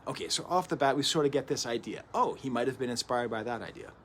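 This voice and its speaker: A man's voice: mid-range voice, fast talker, a bit bright, a little hiss or hum. A man in his thirties hosting a casual spoken record review at home, chatty and digressive, with many asides. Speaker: host of a music review show. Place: at home early in the morning.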